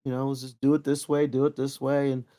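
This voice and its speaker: A man's voice: mid-range voice, fast talker. A middle-aged man telling training stories in a casual, rambling way, full of fillers and restarts. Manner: rambling, lively anecdotes with many fillers. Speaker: interview guest, Kempo practitioner. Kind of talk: casual storytelling.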